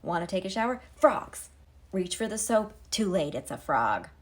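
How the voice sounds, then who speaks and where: A woman's voice: on the low side, big pitch swings, moderate pace. A woman giving a comedic retelling to camera, wry and sarcastic, full of pop-culture asides. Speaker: comedic storyteller.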